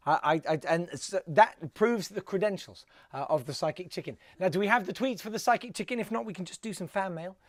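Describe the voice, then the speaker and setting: A man's voice: high-pitched, fairly quick, few pauses, no room sound, clean studio sound. A man hosting a live comedy web show, rambling and self-mocking with mock-grand outbursts.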